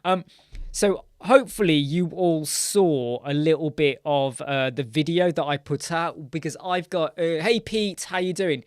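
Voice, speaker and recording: Chatty live-stream host, dry close sound. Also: male voice, a little high, measured pace, smooth, dry recording. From United Kingdom. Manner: chatty, greets viewers mid-sentence, thinks aloud. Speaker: host of a live web design Q&A. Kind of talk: casual live-stream Q&A with screen demo.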